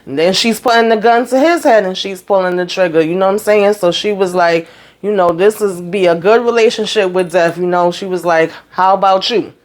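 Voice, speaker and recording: A woman in a casual, animated recap of a TV episode, acting out the characters' lines with lots of fillers. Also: mid-range voice, fairly quick. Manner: animated storytelling, acts out characters' quotes, frequent fillers. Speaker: TV recap host.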